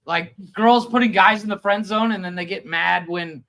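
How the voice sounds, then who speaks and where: A man's voice: high voice, normal speed, a bit bright, rough recording. A man co-hosting a comedy podcast, rambling through funny video stories and laughing as he goes. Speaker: podcast co-host. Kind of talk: casual comedic chat.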